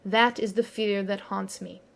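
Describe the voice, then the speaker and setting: A woman's voice: medium pitch, steady tone, measured pace, creaky. A woman voicing a proud, brooding male pirate captain with theatrical, old-fashioned oaths, in an audiobook reading. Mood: commanding.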